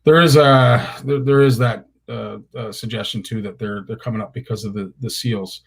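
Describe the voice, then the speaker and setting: Gravelly with a breathy edge, this middle-aged man's mid-range voice keeps a steady tone at normal speed. He's a Canadian fishing talk show host who rambles through casual anecdotes, restarting often.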